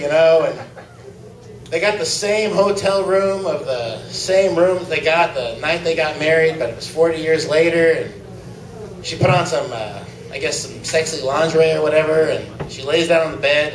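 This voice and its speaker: A man's voice: a little high, moderate pace, echoey room, recorded from a distance, slight background noise, low-quality recording. A man doing a crude open-mic stand-up set in a small club, laughing at his own jokes. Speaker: stand-up comic.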